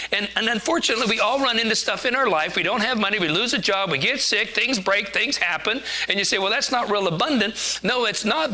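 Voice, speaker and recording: A man's voice: high-pitched, bright, forceful tone. A man giving a conversational sermon, chatty and joking, laughing at himself as he preaches.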